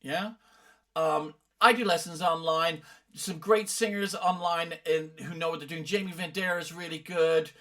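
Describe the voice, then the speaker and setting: A man's voice: on the high side, fairly even intonation, moderate pace, fairly bright tone. A middle-aged man from the UK, a vocal coach commenting on other coaches' videos with emphatic, exasperated explanations. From United Kingdom.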